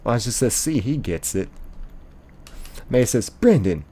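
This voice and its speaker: A man's voice: mid-range voice, very animated, a little slow, dark tone. A young man, live-streaming a game and playfully reading viewer chat aloud, laughing often.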